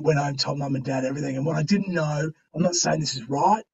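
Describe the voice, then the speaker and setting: An Australian man telling his own story as a podcast guest in a slangy, conversational way, with pauses and restarts. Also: on the high side, steady tone, vocal fry, a little hiss or hum. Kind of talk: candid storytelling. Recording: distant, dull-sounding mic.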